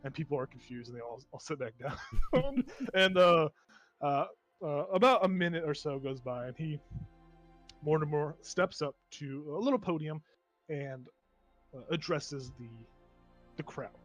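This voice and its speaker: A man's voice: fairly high pitch, animated, unhurried, long pauses, fairly bright tone, faint music behind. A man narrating as game master of a tabletop game, rambling with amusement and plenty of fillers.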